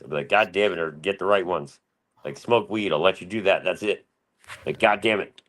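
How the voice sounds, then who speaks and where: Deep-voiced profane man in his forties. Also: a little fast, a bit bright. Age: 40s. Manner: profane, rambling, slangy. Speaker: panel guest. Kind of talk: casual rambling chat.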